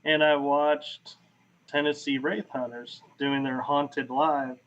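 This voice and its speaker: Animated man on a dull call line. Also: on the high side, takes it slowly, a little hiss or hum. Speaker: podcast guest, paranormal investigator. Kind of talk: casual storytelling chat. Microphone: video call.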